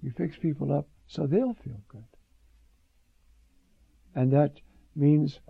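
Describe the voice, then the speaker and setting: Old priest giving a sermon, raspy voice, tells stories then gets emphatic, kinda lo-fi. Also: male voice, a little high, slow, long pauses, dry recording. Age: older. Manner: reflective, storytelling, with sudden emphatic rises.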